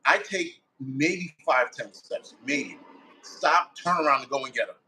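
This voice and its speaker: A man's voice: medium pitch, a little slow, bright, forceful tone, a little hiss or hum, rough recording. A man, a firefighter guest, telling a story in a blunt, casual way with heavy swearing, acting out his own quoted thoughts. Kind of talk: casual first-person storytelling.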